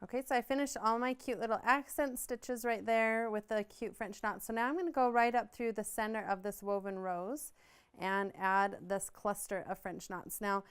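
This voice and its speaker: A woman's voice: mid-range voice, fairly even intonation, normal speed, clean tone, soft background music. A woman explaining embroidery stitches step by step in a friendly hands-on craft tutorial. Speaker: embroidery instructor.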